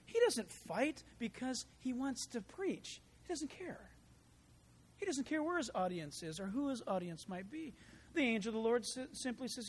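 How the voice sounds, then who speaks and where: A pastor preaching a verse-by-verse Bible study sermon, with animated storytelling and humorous asides. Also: mid-range voice, moderate pace, big-room sound. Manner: acts out quoted voices.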